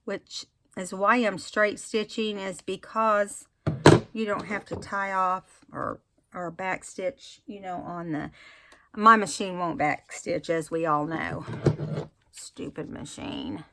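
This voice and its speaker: A woman's voice: medium pitch, steady tone, takes it slowly, bright, forceful tone. A woman hosting a casual crafting tutorial, chatting to viewers and correcting herself as she works. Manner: chatty, self-correcting, talks to viewers while working. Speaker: craft video host.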